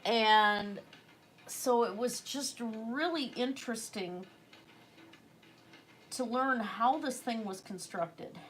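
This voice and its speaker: A woman's voice: a little high, slow pace, pauses often, fairly bright tone, slight background noise. A woman chatting casually while she paints on a livestream, rambling with fillers and self-corrections. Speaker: artist livestreaming a painting session.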